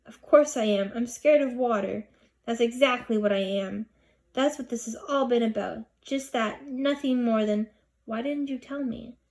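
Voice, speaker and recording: A woman voicing an anxious, fibbing schoolgirl of about twelve in a storybook reading, with squeaky, flustered protests. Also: normal speed, darkish tone, close to an everyday voice. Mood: overeager. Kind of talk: audiobook reading.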